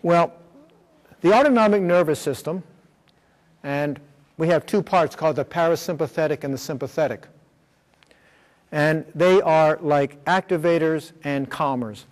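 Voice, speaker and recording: A man gives a workshop lecture in a school room, explaining step by step and checking in with the audience. His voice sits a little high. A long reverb trails his words through the hall. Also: a little mellow. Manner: explains step by step, with many fillers and check-ins. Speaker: workshop presenter. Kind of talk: lecture with slides.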